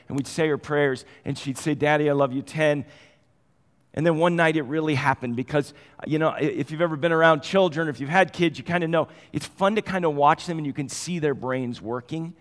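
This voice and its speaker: A middle-aged man preaching a sermon, telling stories conversationally and moving between quiet and animated passages. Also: on the high side, fairly quick. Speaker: pastor. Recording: long hall reverb.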